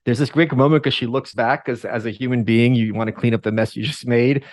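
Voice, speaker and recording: A man hosting a relaxed chat in a middle-pitched voice, wry and joking. He slips easily into mimicking the people he talks about. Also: a little fast. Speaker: host. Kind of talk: casual conversation.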